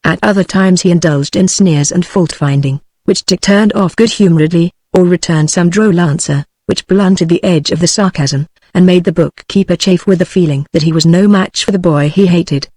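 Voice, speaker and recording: A synthetic narrator reads a classic novel aloud at a steady, unvaried pace. It speaks every part in the same middle pitch. The sound is close and completely dry. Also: moderate pace, hardly any pauses, no echo. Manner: even, unvaried text-to-speech reading of all parts. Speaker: audiobook narrator. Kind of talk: scripted narration.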